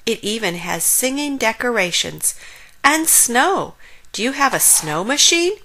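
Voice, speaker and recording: A woman voicing an excitable little male frog in a storybook read-aloud, asking eager, squealing questions. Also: a little high, a little slow, pitched above the performer's own voice, exaggerated voice.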